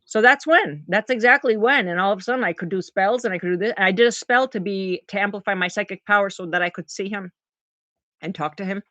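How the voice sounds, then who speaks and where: A middle-aged woman vlogging, telling a personal story in an emotional, animated way to camera. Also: medium pitch, fast talker, dry recording. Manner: emotional, animated, talks to her dogs mid-story.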